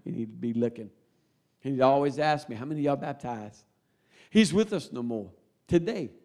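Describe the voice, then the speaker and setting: Emotional preacher man. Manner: folksy and emotional, swinging between loud appeals and quiet, low asides. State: grieving, close to tears. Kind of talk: sermon.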